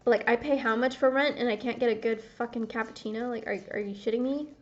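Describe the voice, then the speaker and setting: Young woman, confessional gaming vlogger; rambles, swears freely, keeps cutting herself off. Fairly high voice, dull lo-fi audio. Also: fairly even intonation, quick pace. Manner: rambling, swears often, self-interrupting.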